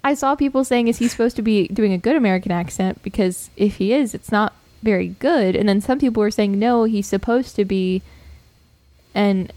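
A woman's voice: medium pitch, fairly quick, mellow, dry recording. A woman hosting a podcast with her sisters, chatting casually and often correcting herself mid-sentence. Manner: chatty, self-correcting, giggly. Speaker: podcast host. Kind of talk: casual chat among siblings.

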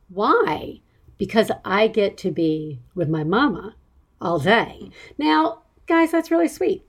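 A woman's voice: mid-range voice, animated, takes it slowly. A woman hosting a parenting podcast in casual chat, rambling and self-mocking and often laughing as she talks. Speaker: podcast host.

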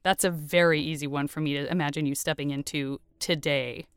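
A woman's voice: deep voice, steady tone, a little fast, clear, resonant tone, dry recording, studio quality. A woman hosting a casual podcast interview, talking with effusive enthusiasm. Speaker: podcast host.

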